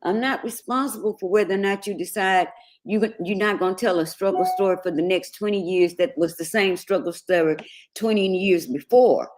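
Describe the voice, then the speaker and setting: Woman reverend guest host, middle pitch, steady sermon-style teaching. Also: fairly quick. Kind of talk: casual morning show chat.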